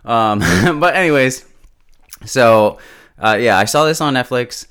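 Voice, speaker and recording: A man casually recapping a TV episode beat by beat, chatty and quick to joke and laugh. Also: medium pitch, lively intonation, a bit bright, clean tone. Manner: chatty, laughs often, quips. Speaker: show reviewer.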